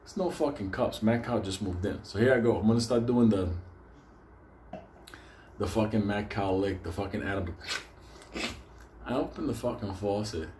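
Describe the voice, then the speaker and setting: Guy swearing through a funny story, lowish dark voice, echoey room with faint hum. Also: moderate pace, pauses often. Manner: swearing constantly, animated storytelling. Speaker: show host. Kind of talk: profane comic storytelling.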